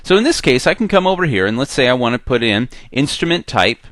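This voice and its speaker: A man leads a screencast software lesson in a friendly, conversational tone, tossing in playful asides as he clicks along. His voice sits in a middle pitch and is recorded close and dry. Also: sing-song, quick pace, no echo. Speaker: software instructor. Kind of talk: screencast tutorial.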